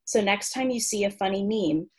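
A woman's voice: mid-range voice, moderate pace, husky. A woman co-hosting a podcast, reading a written entry aloud with playful, wry asides. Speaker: podcast co-host.

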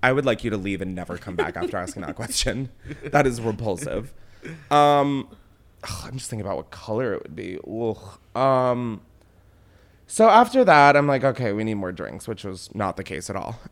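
A man's voice: lowish voice, moderate pace. A man hosting a casual chat, telling a story with lots of swearing and laughter. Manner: animated storyteller, swears freely, laughs often. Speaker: podcast host.

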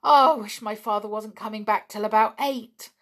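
A woman voicing a sullen teenage boy artist in a storybook reading, quiet and bitter. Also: mid-range voice, normal speed, pitched above the performer's own voice, natural voice.

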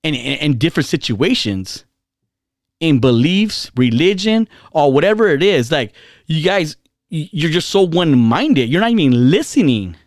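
A man's voice: a little high, big pitch swings, normal speed, dry recording, studio quality. Heated slangy man ranting. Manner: heated, repetitive, swears a lot, slangy. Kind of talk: casual rant.

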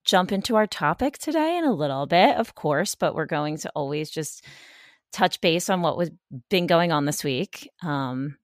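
Low-voiced woman podcast co-host. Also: expressive, normal speed, no room sound, clean studio sound. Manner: warm interjections, reactive listener. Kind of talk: casual chat.

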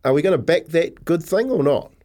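A man with a New Zealand accent co-hosting breakfast radio, teasing and joking with a quick laugh. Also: a little high, animated, warm tone. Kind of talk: casual radio banter.

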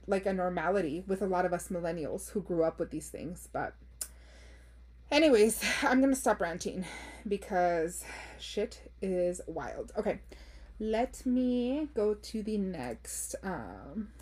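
A woman's voice: medium pitch, sing-song, slow, a little mellow, slightly rough. A woman in her thirties hosting a podcast, chatting casually and bluntly as she reads listener stories, swearing freely and dropping in Spanish phrases. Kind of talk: casual chat.

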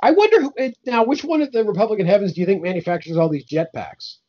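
A man putting on a cranky old saint, high-pitched and indignant, swearing through his grievances in a comedy podcast bit. The recording sounds a little dull and lo-fi. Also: lively intonation, fast talker, darkish tone. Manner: profane, indignant ranting. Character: Saint Patrick, cranky foul-mouthed old Irish male saint.

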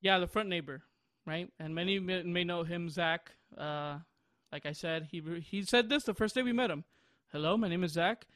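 Young guy podcast host, high voice, rambly, laughs a lot mid-story. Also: normal speed, a bit bright, no room sound, studio quality. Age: 20s. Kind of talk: casual chat.

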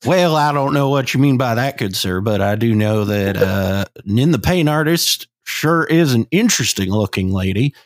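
A man putting on a slow, folksy churchgoing rural character with a Midwest Southern drawl, deadpan. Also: mid-range voice, no room sound, lightly acted.

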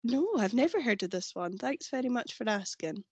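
A woman's voice: fairly high pitch, lively intonation, fairly quick, darkish tone, husky, no room sound. A woman co-hosting a true-crime podcast, bantering playfully and teasing with laughs. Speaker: podcast co-host.

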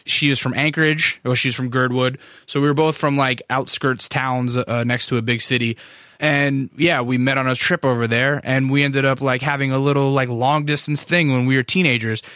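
A man in his thirties from Alaska, hosting a podcast in a casual, rambling, profane monologue, acting out quoted voices and jumping up high for them. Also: steady tone, normal speed, sharp tone, no room sound, studio quality. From Alaska, USA. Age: 30s. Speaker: podcast host. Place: recording studio.

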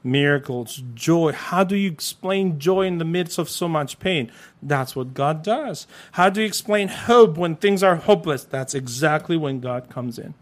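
A man with a somewhat high voice tells his story of faith as an interview guest. He preaches fervently, pushing hard on some phrases and dropping to a hushed intensity on others. His English carries an accent and non-native phrasing. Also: lively intonation, measured pace. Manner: fervent, preacherly, switches between loud urging and soft intensity. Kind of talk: emotional personal testimony.

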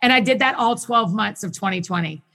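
Bright, eager woman podcast guest. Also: mid-range voice. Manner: enthusiastic, rapid bursts with frequent restarts. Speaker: podcast guest who hosts her own show. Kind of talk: casual conversation.

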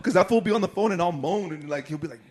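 A man co-hosting a casual podcast chat, laid-back and quick to laugh. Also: high voice, a crowd in the background.

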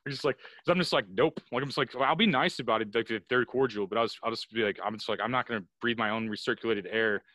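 Fast-talking profane man ranting. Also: medium pitch, pushed and bright, no echo. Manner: rambling, profane, filler-heavy ranting. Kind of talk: casual chat.

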